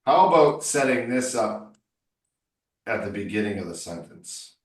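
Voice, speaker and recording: A man's voice: fairly low pitch, very animated, a little slow. A man coaching a student one-on-one in spoken English, emphatic and playfully corrective. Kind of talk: one-on-one tutoring session. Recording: roomy echo, distant mic.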